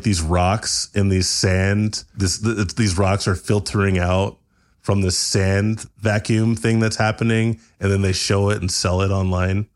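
A male podcast host improvises a comedy story, wandering into rambling asides and laughter and frequently slipping into high-pitched character voices.

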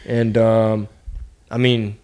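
A man's voice: fairly low pitch, extremely slow, clean tone. A man co-hosting a casual podcast, swearing freely and telling stories with energy, dropping in Spanish words. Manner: profane, animated storytelling, slips into Spanish words. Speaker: podcast co-host.

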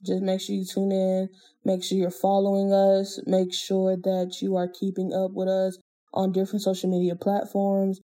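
A woman's voice: mid-range voice, monotone, moderate pace, dark tone. A woman hosting her own podcast, talking alone in an earnest, motivational way with casual slang. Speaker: podcast host. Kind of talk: reflective solo podcast talk.

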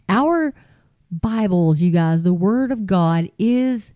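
A woman's voice: fairly high pitch, lively intonation, takes it slowly, dry recording, muffled recording. A woman preaching informally and earnestly to her viewers, folksy and repeating phrases for emphasis. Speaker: Christian YouTube preacher.

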